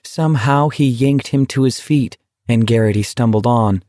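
A man reading an audiobook in steady, measured scripted narration. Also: medium pitch, no room sound, studio quality.

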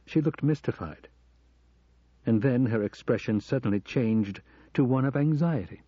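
Male narrator, calm and measured; deep-ish, warm, dry booth sound, slightly dull audio. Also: husky, dry recording. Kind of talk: scripted narration.

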